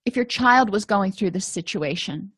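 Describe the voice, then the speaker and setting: A woman's voice: medium pitch, expressive, normal speed, fairly bright tone, breathy edge, no room sound. A woman, a counselor, teaching a conversational lesson on empathy in relationships and acting out little quoted exchanges. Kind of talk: informal lecture on empathy.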